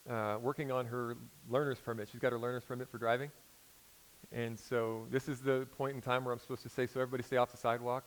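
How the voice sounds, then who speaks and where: An American man in his forties preaching a sermon in a conversational storytelling way, swinging between loud emphasis and quiet intensity. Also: medium pitch, poor audio. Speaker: pastor.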